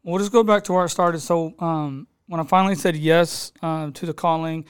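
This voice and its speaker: A man's voice: on the high side, steady tone, moderate pace, clear, resonant tone. A man, a pastor recounting how he came to plant his church, acting out the people he quotes. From Texas. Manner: storytelling, acts out quoted people, laughs easily. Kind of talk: telling his story in a casual interview.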